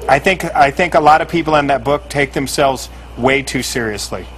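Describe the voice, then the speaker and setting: A man's voice: mid-range voice, normal speed, fairly bright tone, a little hiss or hum, poor audio. A man guesting on a call-in show, talking bluntly and candidly and laughing easily. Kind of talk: casual call-in chat.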